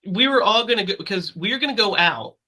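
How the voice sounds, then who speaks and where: A man's voice: high-pitched, animated, fast, pushed and bright. A man co-hosting a podcast who jumps in with details and laughs often in casual chat. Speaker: podcast co-host.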